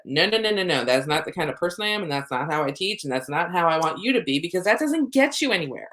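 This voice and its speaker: A middle-aged woman, a soul coach, talking casually to camera and acting out her own inner thoughts in lively asides. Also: on the low side, quick pace, few pauses, slight background noise.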